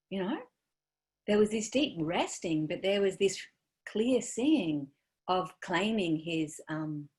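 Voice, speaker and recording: Woman, meditation teacher, dharma talk, lowish voice, gentle searching delivery, soft trailing phrases, video call.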